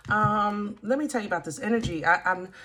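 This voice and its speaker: A woman's voice: medium pitch, a little fast, bright, forceful tone. Chatty woman giving a tarot reading. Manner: chatty, emphatic, with many fillers. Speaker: tarot reader. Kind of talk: casual tarot reading to camera.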